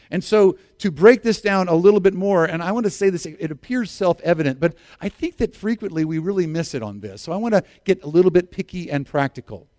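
Man, middle-aged pastor, high voice, dry close sound, earnest sermon. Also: darkish tone, no echo. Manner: earnest, repeats key phrases, asks congregation to respond.

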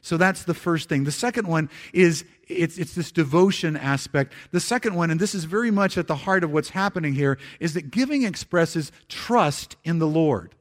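Man, somewhat high voice, conversational pastor, slows on verses, soft drops for emphasis. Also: expressive. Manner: repeats words and restarts phrases. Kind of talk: sermon.

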